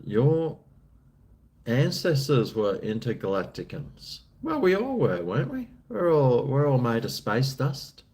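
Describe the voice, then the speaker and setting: A man's voice: medium pitch, big pitch swings, a little slow, a little mellow. An Australian man chatting casually on a live stream, answering chat in a laid-back, rambling, jokey way.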